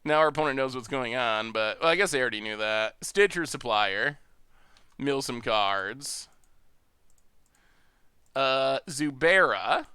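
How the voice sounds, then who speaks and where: A man's voice: mid-range voice, expressive, a little slow, long pauses, pushed and bright, clean tone, no echo, studio quality. A man with an upstate New York accent hosting a live stream, chatting and thinking aloud as he plays a card game and laughing often. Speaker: stream host. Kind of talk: live-stream gameplay commentary.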